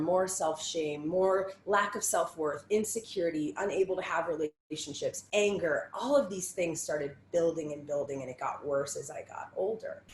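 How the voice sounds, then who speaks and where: A woman telling her own story as a survivor on a panel, candid and raw, swearing freely and piling up short phrases. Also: on the low side. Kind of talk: personal testimony in a panel talk. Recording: roomy echo with faint background hum.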